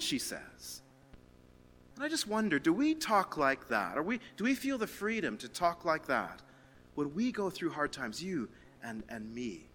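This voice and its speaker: Lively man preaching in a reverberant hall. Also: fairly high pitch, moderate pace. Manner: animated and conversational, reads scripture aloud, laughs at own stories. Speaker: pastor. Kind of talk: sermon. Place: church hall.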